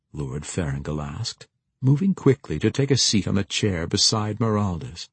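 A man narrates a novel in a measured, expressive manner, his lowish voice moving widely in pitch. The tone is husky and the sound dry and close. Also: no room sound. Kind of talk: audiobook narration.

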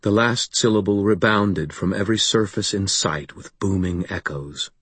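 A man reading first-person fantasy audiobook narration in a measured, deliberate storytelling manner. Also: on the low side, fairly bright tone, husky, no room sound.

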